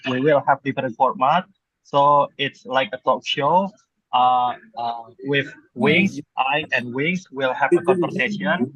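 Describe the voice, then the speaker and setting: Online class host, man, raspy voice, muffled dry recording, casual promo patter. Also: mid-range voice, a bit bright, no echo. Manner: promotional, casual, filler-heavy.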